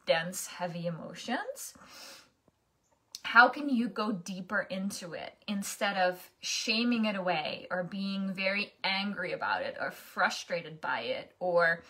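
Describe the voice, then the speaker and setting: A woman's voice: fairly low pitch, pushed and bright, husky. A young adult woman coaching in a casual, chatty monologue, often restarting and asking "right?".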